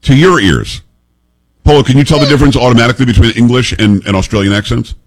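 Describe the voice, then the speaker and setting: A man hosting a talk radio show, chatting casually in a jokey, animated way with his co-hosts. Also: quick pace, rough recording. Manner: animated, jokey, pitch jumps for emphasis.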